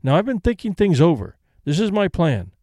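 This is a brisk old lady in a storybook reading who meets grief with practical plans, voiced by a male narrator. Her voice sits a little high, and she talks crisply and decisively. The sound is dry and close. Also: big pitch swings, warm tone, no room sound. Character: older woman, brisk, stoic, practical invalid.

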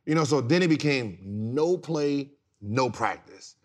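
A man in his thirties, a former pro basketball player, telling stories on a podcast in a casual, slangy way that turns loud and laughing. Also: medium pitch, a little slow. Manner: animated, slangy, repeats words, gets loud and laughs while telling stories. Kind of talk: casual storytelling.

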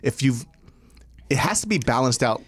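Blunt man chatting with lively pitch. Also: normal speed, no echo. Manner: blunt, profane, laughs a lot. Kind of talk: casual chat.

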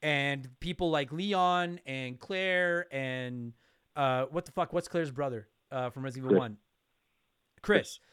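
A man co-hosting a podcast in casual chat, animated and profane as he rants. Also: mid-range voice, a little slow, clean tone, no room sound, studio quality. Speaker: podcast co-host.

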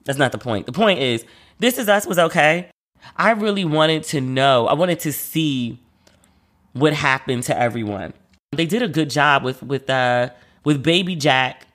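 A man's voice: on the high side, unhurried, a bit bright. A man hosting a casual solo podcast, chatty and slangy, who often acts out the voices of people he quotes. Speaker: podcast host.

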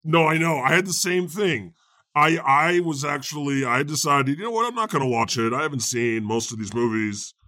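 A man's voice: fairly high pitch, moderate pace, sharp tone, no room sound. A man playing God as a dry talk host. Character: God as chatty male talk-show host. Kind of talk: improvised comedy talk show.

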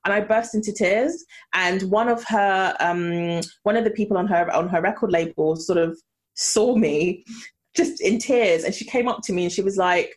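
A woman's voice: mid-range voice, moderate pace. A young woman from the UK, a podcast guest and author, telling emotional stories with lots of laughter. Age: young adult. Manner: gushing, laughs often, emotional storytelling. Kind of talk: candid interview chat.

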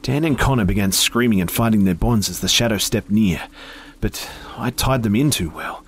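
A man narrating a first-person horror story in a measured, grim way. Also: lowish voice.

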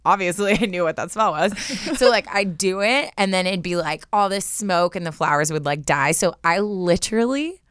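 A woman's voice: on the low side, clear, resonant tone, no echo. Giggly woman in her thirties, dry mic. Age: 30s. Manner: excitable storyteller, giggly, quick bursts. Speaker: podcast co-host. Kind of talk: casual chat.

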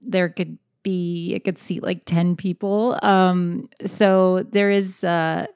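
A woman's voice: on the low side, level tone, slow, a little mellow, smooth, dry recording, studio quality. A woman from Chicago with a Chicago accent, a guest chatting thoughtfully and hesitantly, with many fillers. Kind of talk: casual chat.

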